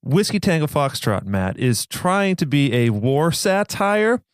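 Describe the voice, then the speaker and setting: A man's voice: fairly high pitch, sing-song, measured pace, clear, resonant tone, no room sound, studio quality. A man guest on a movie podcast, stammering a little and self-deprecating, just over an illness. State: recovering from illness. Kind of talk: casual movie podcast chat.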